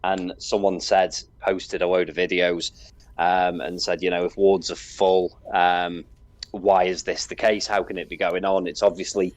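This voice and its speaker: A man with a Scouse accent talks in a low, deep voice, measured and hesitant as he makes his point. The recording is very dry with no room sound. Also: flat delivery, no echo. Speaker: guest. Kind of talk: casual discussion.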